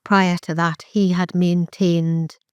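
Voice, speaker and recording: A middle-aged woman, a podcast guest giving candid, halting personal testimony and re-enacting what others said. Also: lowish voice, flat delivery, clean tone, dry recording. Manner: candid, halting, with vivid re-enactments of remembered speech. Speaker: interview guest.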